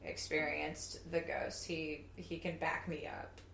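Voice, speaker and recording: A woman telling her own stories in an animated way, swearing now and then, in a casual group chat. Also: low voice, slow pace, vocal fry. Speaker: guest. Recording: echoey room, faint background noise.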